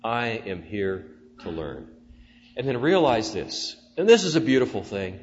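A man preaching a sermon as pastor, rising to loud emphatic declarations and dropping to soft prayerful tones. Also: lowish voice, big pitch swings, unhurried. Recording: dull sound with long church reverb and faint hum.

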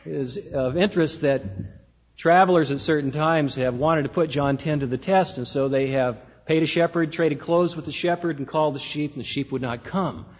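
A man preaching a sermon in a church, measured and slowing down to stress key words. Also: fairly high pitch. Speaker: pastor. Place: church sanctuary. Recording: dull lo-fi sound with long hall reverb.

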